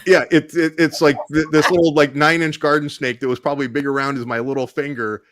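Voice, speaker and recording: A man co-hosting a show, telling a story in a casual, halting way with many restarts and "you know"s. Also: fairly high pitch, flat delivery, fairly bright tone, no room sound, studio quality. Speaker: co-host hypnotist.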